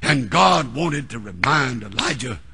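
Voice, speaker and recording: Raspy old-time American preacher, shouting. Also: male voice, mid-range voice, animated. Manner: old-time preaching with shouted climaxes and long drawn-out words. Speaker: pastor. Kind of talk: sermon.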